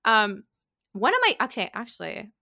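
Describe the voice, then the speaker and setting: A young woman telling a story in casual chat, animated and giggly, full of "like". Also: mid-range voice, moderate pace, gravelly. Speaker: podcast co-host.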